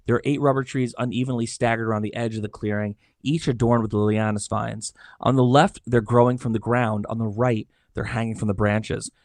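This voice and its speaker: Hoarse male game master, halting narration, mid-pitched, dry recording. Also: steady tone, darkish tone, no room sound. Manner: halting, many fillers and restarts. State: hoarse, losing his voice.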